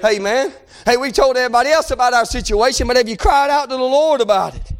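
A man preaching a sermon, swinging between shouted pleading and low, quiet talk. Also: fast, smooth.

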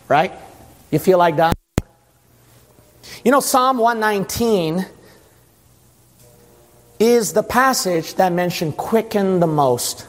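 A male preacher delivering a dramatic sermon, swinging into shouting and sing-song stretches. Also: high-pitched. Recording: long hall reverb.

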